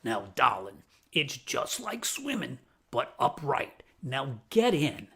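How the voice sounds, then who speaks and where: A man voicing a tough, chain-smoking older woman who runs a neighborhood pool, with a gravelly, raspy voice and a stern, no-nonsense way of talking. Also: mid-range voice, wildly swooping pitch, slow, fairly bright tone, pitched below the performer's own voice, exaggerated voice.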